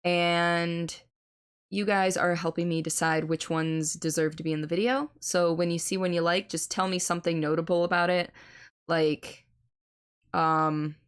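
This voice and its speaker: Chatty swearing woman streamer, slow-spoken. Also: lowish voice, steady tone, clear, resonant tone. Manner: chatty and self-deprecating, swears freely. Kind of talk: casual live-stream chat and gameplay commentary.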